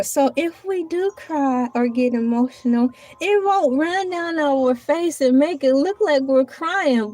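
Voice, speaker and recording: A woman's voice: high-pitched, darkish tone. A woman live streaming from home in casual chat, thanking viewers and talking to herself while she types and searches around her table. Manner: chatty, talks to herself while searching and typing.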